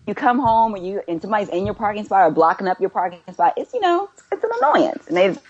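A woman's voice: medium pitch, very animated, fast talker, lo-fi sound. A woman co-hosting a casual sports chat, opinionated and emphatic, firing off rhetorical questions. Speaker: podcast co-host.

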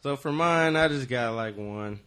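Male podcast co-host, loose casual chat, middle pitch, halting delivery with lots of fillers. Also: fairly bright tone, clean tone. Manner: casual, hesitant with fillers, swears freely.

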